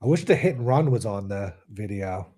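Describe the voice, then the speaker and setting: A man co-hosting a podcast in casual chat, relaxed and quick to chuckle along. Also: on the low side, breathy edge. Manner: relaxed, chuckles and agrees a lot. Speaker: podcast co-host.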